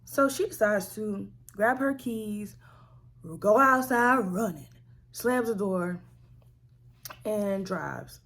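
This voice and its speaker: A woman vlogger telling a family story in a slangy, animated, conversational way. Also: mid-range voice, vocal fry. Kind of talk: storytime vlog.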